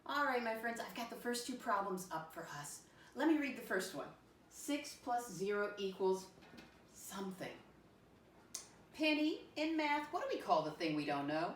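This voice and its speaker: Woman, teacher, sing-song, spells slowly for kids, roomy echo, off-mic. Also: a little high, big pitch swings, recorded from a distance, a little hiss or hum. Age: adult with a son. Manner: sing-song, slow letter-by-letter spelling to children. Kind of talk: first-grade math lesson. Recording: echoey room, voice off-mic.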